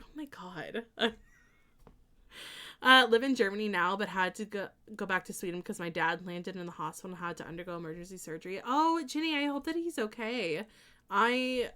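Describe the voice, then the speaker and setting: A woman's voice: medium pitch, a bit bright, clean tone. A young woman streamer chatting casually with her viewers while she plays, laughing often and reading their messages aloud. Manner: bubbly, giggly, reads chat aloud. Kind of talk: casual chat while playing a game.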